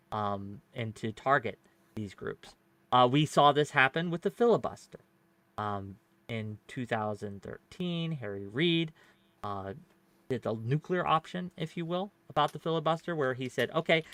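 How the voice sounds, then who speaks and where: A man's voice: medium pitch, no room sound. Man arguing hard, full of fillers. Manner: rambling, many fillers and restarts, asks rhetorical "right?". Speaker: panelist and show host. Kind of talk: casual debate argument.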